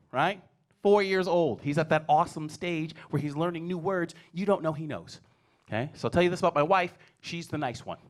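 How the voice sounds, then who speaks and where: A man in his forties works a stand-up set with a lively voice that swings up and down in pitch. His tone sits a little high for a man. He tells family stories and acts out his kids. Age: 40s. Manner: animated storytelling, acting out his kids. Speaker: stand-up comedian. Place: comedy stage before a live audience.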